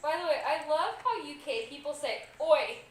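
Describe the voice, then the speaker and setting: A woman's voice: high-pitched, very animated, brisk, echoey room, far from the mic. A woman co-host chatting playfully on a stream, reading out viewers' comments. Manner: playful, reads chat aloud. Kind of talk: casual live-stream chat.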